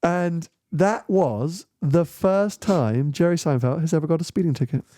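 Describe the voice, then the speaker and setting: A man's voice: fairly high pitch, a little slow. A British man hosting a podcast, telling a story in casual chat and acting out the people he quotes. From United Kingdom. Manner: animated, acts out quoted voices. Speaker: podcast host.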